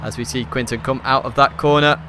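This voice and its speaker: A man's voice: medium pitch, steady tone, brisk, pushed and bright, a little hiss or hum. Chatty man commentating a race. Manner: chatty, upbeat, rambling with many fillers. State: slightly hoarse. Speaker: race commentator and stream host. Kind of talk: live esports race commentary. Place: hot room at home.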